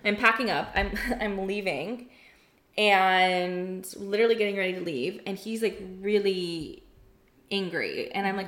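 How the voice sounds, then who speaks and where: A woman's voice: mid-range voice, measured pace, a bit bright. A young woman telling a personal story in casual chat, candid and profane, saying "like" constantly. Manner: candid, profane, heavy use of "like". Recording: roomy echo.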